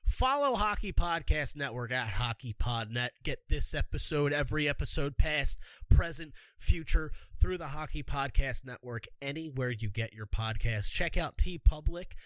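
A man rants on his sports podcast, cursing freely and hammering the same urgings over and over. His voice sits fairly high and swings widely up and down. He is recorded close and dry on a podcast mic. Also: animated, moderate pace, a bit bright, no echo. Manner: profane, fired-up, repetitive exhortations. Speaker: podcast host. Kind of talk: solo sports podcast rant. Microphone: podcast microphone.

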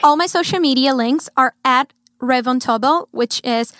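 A woman's voice: sits high, moderate pace, fairly bright tone. A young woman singer from Brazil with a Brazilian Portuguese accent, chatting cheerfully in an interview about her music. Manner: upbeat, cheerful, laughs often. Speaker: guest singer. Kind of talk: casual interview chat.

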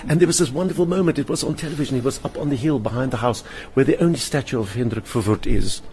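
Speaking at a quick pace in a mid-range voice, this older man is a satirist and performer being interviewed. His storytelling is animated and theatrical as he shares anecdotes about the theater and imitates the people in them. Faint room noise from the hotel lounge is present.

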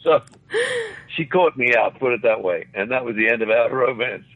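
An older man with an Australian accent speaks at medium pitch and a moderate pace, recounting rambling anecdotes as an interview guest. Formerly an actor, he chuckles and dramatizes quoted speech, and the sound is like a phone-like radio line.

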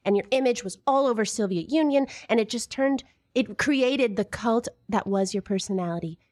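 A woman guest-hosting a live improv comedy podcast, with a bright, high voice. She is bubbly and teasing and breaks into giggles often. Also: normal speed. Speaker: guest host. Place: art space in Brooklyn.

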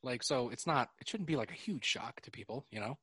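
A man with a New York accent, hosting a casual podcast chat, animated and laughing often. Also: mid-range voice, a little fast, slightly rough, no echo, clean studio sound. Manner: animated, laughing, swearing freely. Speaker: podcast host.

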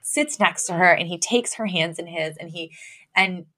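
A woman co-hosting a podcast talks at normal speed in a lowish voice, retelling a sitcom episode in casual chat. She animatedly voices the characters' lines and laughs a lot.

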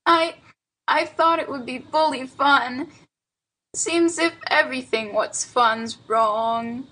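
A woman voicing a small, mischievous boy in an audiobook, speaking in a halting, tearful, childlike way. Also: high-pitched, sharp tone, voice pushed up, exaggerated voice. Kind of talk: audiobook character reading.

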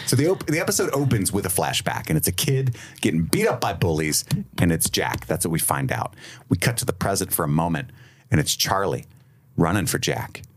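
A man co-hosting a podcast, talking in a casual, animated way with frequent laughs and swearing. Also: low voice, fairly quick. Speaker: podcast co-host. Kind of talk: casual chat.

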